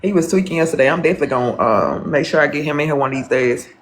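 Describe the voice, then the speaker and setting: A man's voice: fairly high pitch, lively intonation, rapid-fire. A man chatting on a live stream, rambling and profane, repeating himself as he gossips and calls viewers honey. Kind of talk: casual live-stream chat.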